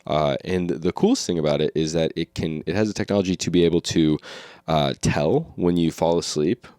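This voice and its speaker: A man co-hosting a comedy podcast, low-key and deadpan as he riffs on made-up products. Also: fairly quick, no echo, clean studio sound. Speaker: podcast co-host. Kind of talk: improvised comedy banter.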